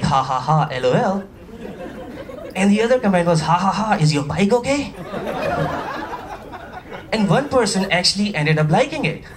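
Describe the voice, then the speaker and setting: Pakistani stand-up comic, fairly high voice, lively banter with the crowd, live mic a bit distant with faint hiss. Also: male voice. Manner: chatty, animated, with playful asides to the audience. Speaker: stand-up comedian. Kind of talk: stand-up comedy routine. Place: comedy stage before a live audience.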